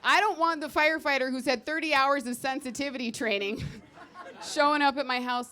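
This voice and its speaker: A woman working a stand-up set on stage, talking in a brash, punchy way. Her voice sits a touch high for a woman, and she keeps a casual, conversational delivery. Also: steady tone, a little fast, pushed and bright. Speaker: stand-up comedian.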